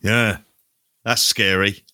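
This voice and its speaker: Middle-aged male podcast co-host, low bright voice, wry sweary banter, dry recording. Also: steady tone, slow, dry recording. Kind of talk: casual chat.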